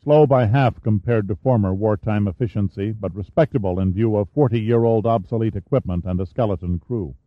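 A calm male admiral lays out facts slowly and deliberately, as a man reads him in an audiobook. The voice sits low. The recording is dry and muffled. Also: no room sound, close to an everyday voice. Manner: slow, deliberate and matter-of-fact.

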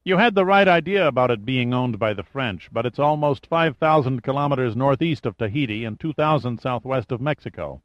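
A man's voice: medium pitch, expressive, fairly quick, hardly any pauses, no room sound, natural voice. Man doing sardonic tough sidekick, mocking menace, dry close sound. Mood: informative. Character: wry, menacing male sidekick, joking about torture. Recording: dull lo-fi audiobook recording.

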